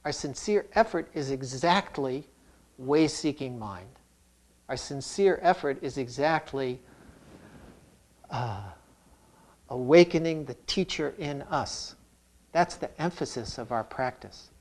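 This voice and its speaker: A man who teaches Zen, giving a calm, reflective dharma talk with touches of humor. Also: mid-range voice, slow, long pauses.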